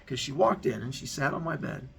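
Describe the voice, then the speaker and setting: A man's voice: mid-range voice, lively intonation, brisk, creaky, a bit bright. A male teacher giving a heartfelt, candid talk to his students, telling a personal story in an earnest way.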